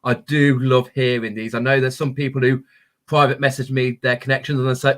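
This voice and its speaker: A man hosting a live stream about crystals, reading viewer comments and answering them with gentle, encouraging spiritual talk full of ums. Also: medium pitch, flat delivery, brisk. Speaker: crystal healing livestream host.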